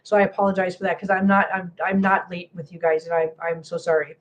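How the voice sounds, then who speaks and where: A woman's voice: on the low side, flat delivery, fast. Tearful, impassioned woman streamer. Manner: emphatic, impassioned, repeats phrases. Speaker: cat channel host. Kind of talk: livestream chat to viewers.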